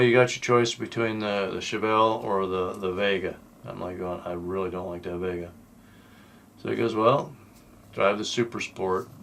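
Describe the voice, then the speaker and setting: A man's voice: lowish voice, a bit bright, slight background noise. An older man telling a personal story in a casual, rambling, folksy way, with lots of fillers and restarts. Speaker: channel host telling personal stories.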